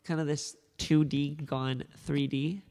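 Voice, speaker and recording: A man's voice: a little high, steady tone, slow pace, a little mellow, big-room sound. A man co-hosting a casual podcast, telling joking, rambling stories. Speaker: podcast co-host.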